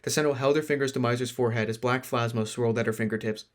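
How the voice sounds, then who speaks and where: Man reading a fantasy novel out loud, steady and unhurried. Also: medium pitch. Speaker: narrator.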